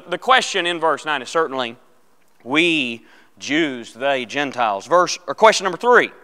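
A man's voice: on the high side, sharp tone, clear, resonant tone. Man teaching a church Bible class. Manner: casual, joking, asks the class questions. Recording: long church hall reverb.

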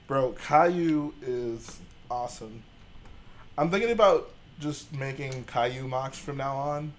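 A man's voice: mid-range voice, a little slow. Joking young man hosting a stream. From Texas. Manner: joking, laid-back banter with chat. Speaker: livestream host. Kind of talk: casual livestream chat.

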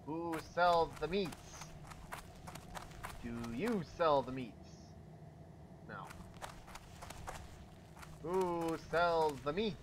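A man's voice: a little high, animated, very slow, long pauses, noisy background. A man streaming a video game, chatting casually with jokes, swearing and self-mocking asides. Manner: joking, profane, self-mocking.

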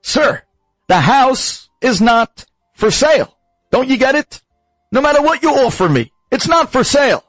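A man's voice: on the high side, very animated, normal speed, husky, no room sound, soft background music, full character voice. A man doing an exasperated homeowner. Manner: firm, exasperated refusals. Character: annoyed male homeowner, firm and exasperated.

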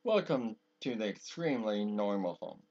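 A man's voice: lowish voice, lively intonation, moderate pace, darkish tone, muffled recording, voice pushed down. A man voicing a flamboyant gothic patriarch with grand theatrical delivery in a fan musical recording.

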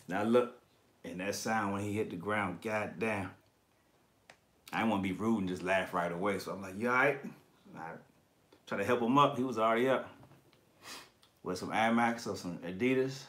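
A fairly low-pitched man with a fairly bright tone speaks at a moderate pace, leaving long pauses, while hosting a collectibles livestream. He reads viewer comments in a casual, slangy, profane way and laughs often.

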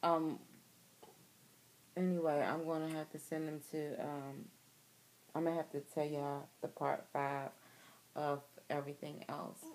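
A woman's voice: low voice, little pitch movement, unhurried, pauses often, a little mellow. A young woman, talking candidly and emotionally to her viewers in a personal video diary, recorded outdoors. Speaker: vlogger.

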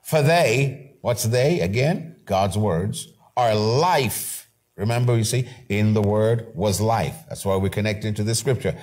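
A middle-aged male pastor preaching a sermon with emphasis, slowing down to read scripture and repeating key phrases. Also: fairly low pitch, darkish tone. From Canada.

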